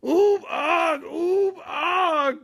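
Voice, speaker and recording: A man voicing a scared, hungry cartoon dog who barks his words in a high, strained voice. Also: huge pitch swings, very slow, slightly rough, no room sound, clean studio sound, heavily acted. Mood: panicked. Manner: turns words into barking sounds. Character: Scooby, cartoon male dog with a hungry, scared, garbled bark-speech.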